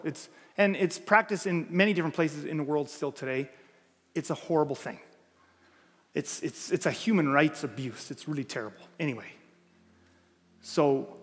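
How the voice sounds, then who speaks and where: In a church sanctuary with a long reverb tail, a man from Canada preaches as pastor in a fairly high voice with a breathy edge. Earnest and emphatic, he stacks repeated phrases to drive each point home.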